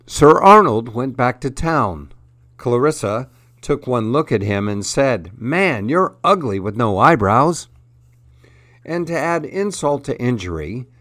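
A man hosting a radio program, reading funny stories and poems aloud in a deadpan way. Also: mid-range voice, measured pace, no echo, studio quality. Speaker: radio host.

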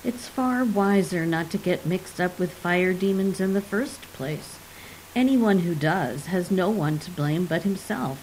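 A woman's voice: on the low side, expressive, a little slow, a little mellow, slight background noise, low-quality recording. A woman voicing a weary, self-pitying old male wizard in a storybook reading, speaking in a dry, mildly martyred manner. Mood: musing.

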